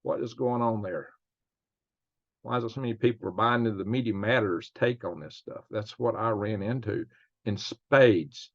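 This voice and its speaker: A man's voice: fairly low pitch, moderate pace, no room sound, lo-fi sound. A man hosting his own channel, reading news items aloud and musing on them with folksy slang and rhetorical questions. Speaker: channel host.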